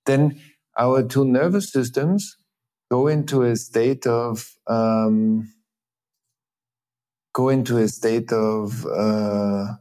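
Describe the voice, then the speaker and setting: A man hosting a reflective conversation, speaking thoughtfully with frequent pauses, fillers and restarts. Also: mid-range voice, fairly even intonation, mellow. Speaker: host.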